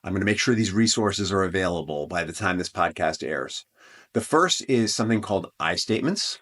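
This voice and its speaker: Guy doing a relationship podcast, lowish voice, earnest and chatty, keeps restarting sentences. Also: lively intonation, brisk, fairly bright tone. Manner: earnest, conversational, with frequent restarts and asides. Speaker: podcast host. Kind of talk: relationship advice podcast monologue.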